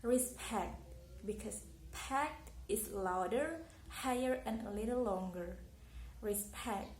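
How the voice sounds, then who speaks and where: A woman's voice: medium pitch, expressive, a little slow. A young Indonesian woman, a university student, gives a careful English pronunciation lesson with an Indonesian accent and repeats example words. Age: young adult. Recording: echoey room with faint noise.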